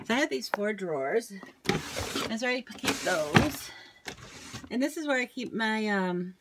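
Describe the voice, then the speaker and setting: With a medium-pitched voice and a noisy background, a middle-aged Southern-accented woman vlogs a casual tour of her home kitchen, saying um a lot. She moves the handheld camera around as she talks.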